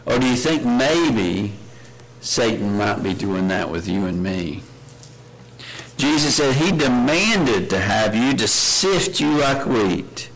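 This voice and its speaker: A man's voice: medium pitch, lively intonation, slow pace, a bit bright, slight background noise, poor audio. Earnest male preacher giving a sermon. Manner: earnest, asks the congregation many questions; reads scripture aloud with rising emphasis.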